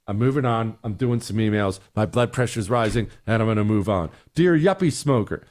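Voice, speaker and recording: A man's voice: fairly low pitch, expressive, moderate pace, hardly any pauses, darkish tone. A middle-aged man hosting a talk show, giving emphatic, sarcastic opinions and answering listener emails. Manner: emphatic, sarcastic, repeats points.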